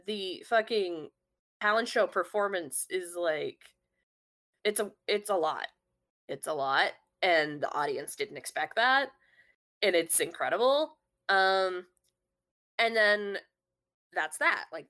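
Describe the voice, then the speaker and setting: A woman's voice: mid-range voice, a bit bright. A woman in casual conversation, telling a long story with many fillers and restarts. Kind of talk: casual chat.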